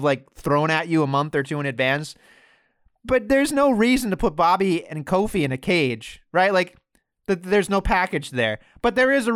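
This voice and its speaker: A man with a high voice holds forth in casual podcast chat, animated and profane, now and then mimicking others. His voice sounds dry and close to the mic. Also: dry recording. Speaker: podcast co-host.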